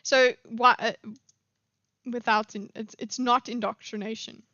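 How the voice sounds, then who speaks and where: A woman's voice: on the high side, fairly even intonation, unhurried, bright, forceful tone, dry recording, dull audio. A woman in her thirties from Africa, giving rambling, opinionated commentary on a live stream. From South Africa.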